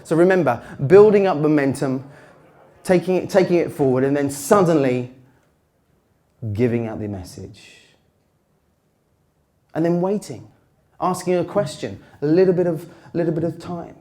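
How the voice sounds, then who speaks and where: A man giving a conference talk on pitching, with a slightly worn voice, varying his pitch and dropping low with dramatic pauses. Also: dark tone. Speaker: pitch coach. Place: conference stage.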